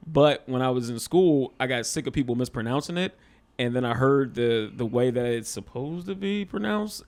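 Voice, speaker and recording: A man from Philadelphia, a comedian guest on a podcast, telling rambling stories in casual chat and laughing at himself. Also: medium pitch. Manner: rambling, laid-back storyteller who laughs at himself.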